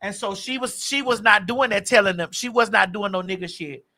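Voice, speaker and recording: A man's voice: high voice, brisk, sharp tone. A man co-hosting a podcast, correcting and explaining in slangy casual chat. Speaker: co-host.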